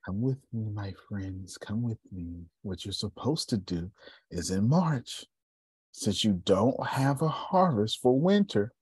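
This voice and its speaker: A man's voice: on the low side, lively intonation, slow, darkish tone, husky, dry recording. A man from Texas leading a group call, telling stories and preaching motivation with strong emphasis. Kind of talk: motivational talk.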